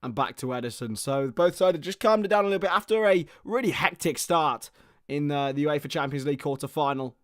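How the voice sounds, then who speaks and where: A young man giving excitable live football play-by-play on a stream, his voice starting to go hoarse, greeting viewers between plays. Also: a little high, fairly quick, no echo, studio quality. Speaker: football watchalong host.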